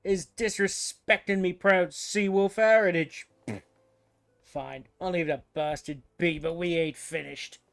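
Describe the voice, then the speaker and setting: A man voicing a swaggering, brutish pirate marauder chief with a rough, threatening growl. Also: high voice, fairly even intonation, measured pace, a bit bright, exaggerated voice. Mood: sneering.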